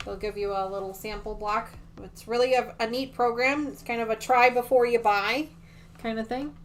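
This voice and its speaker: A woman's voice: a little high, fairly even intonation, moderate pace, slight background noise. A middle-aged woman hosting a quilting livestream, chatting casually and rambling with many ums and restarts while she sews at home. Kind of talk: casual chat while sewing.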